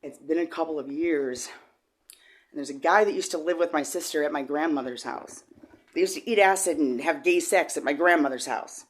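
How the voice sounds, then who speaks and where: A middle-aged woman telling an emotional personal story, rambling and halting with many repeated words, swinging from quiet to loud. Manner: shifts from low and quiet to loud and high when agitated. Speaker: vlogger.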